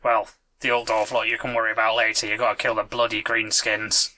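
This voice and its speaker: Blunt, flat-voiced man in a tabletop game. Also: lowish voice, a little fast, low-quality recording. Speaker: player. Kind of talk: in-character roleplay.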